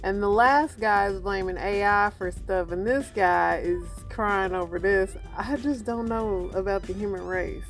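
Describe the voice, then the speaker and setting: A woman comments on clips in a slow, unhurried way, her voice gravelly with fry. She sounds unimpressed and matter-of-fact, with faint music behind her. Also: medium pitch. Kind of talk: reaction commentary.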